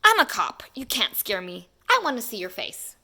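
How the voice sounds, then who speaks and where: A woman voicing a gruff, blunt male police officer in a read-aloud picture book, talking in a brusque, no-nonsense way. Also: mid-range voice, big pitch swings, moderate pace, sharp tone, exaggerated voice. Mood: challenging.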